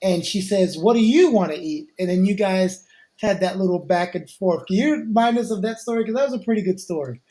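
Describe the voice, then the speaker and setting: A man's voice: sits high, brisk, mellow. A man hosting an interview show, asking questions in a loose, conversational way and reading out questions from listeners. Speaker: show host. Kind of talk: casual interview.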